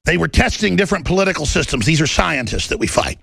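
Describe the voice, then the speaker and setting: Gravelly ranting male talk show host. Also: fairly high pitch, very animated, fast, no echo. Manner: ranting, urgent, bursts into shouting. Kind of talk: impassioned talk show monologue.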